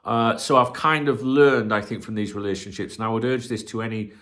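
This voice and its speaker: A man's voice: lowish voice, fairly even intonation, a little fast, fairly bright tone. A middle-aged man, talking to camera in a rambling, sweary, casual chat as a channel host.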